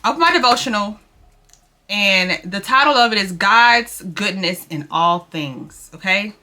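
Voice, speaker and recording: A woman's voice: medium pitch, animated, unhurried, sharp tone. A young woman talking to her viewers in a confessional vlog. She is close to tears, restarts and repeats herself, and calls her viewers y'all. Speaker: vlogger.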